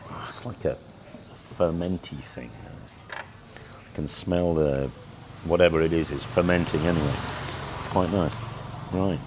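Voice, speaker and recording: A man with a slightly croaky voice chatting casually in a travel vlog, trailing off mid-sentence as he talks. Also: sits low, fairly even intonation, measured pace, pauses often. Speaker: travel vlogger. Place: outdoors on busy streets and in cafes. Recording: loud street traffic noise. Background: traffic and motorbikes.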